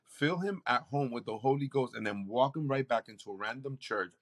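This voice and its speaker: A man, a campus pastor, telling a personal testimony in conversation, animated and acting out what others said. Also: medium pitch, a little fast. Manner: animated storytelling, acts out quoted voices.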